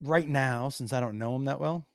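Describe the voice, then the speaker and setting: A man's voice: medium pitch, moderate pace, dry recording, studio quality. Chatty man hosting a livestream. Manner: rambling, thinking aloud. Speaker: livestream host. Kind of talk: casual chat.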